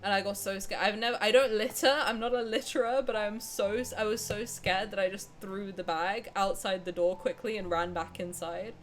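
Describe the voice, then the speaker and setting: A woman's voice: mid-range voice, steady tone, normal speed, few pauses, faint music behind. A young woman streamer casually telling a long personal story, rambling with lots of fillers and restarts. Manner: rambling, filler-heavy, restarts mid-sentence.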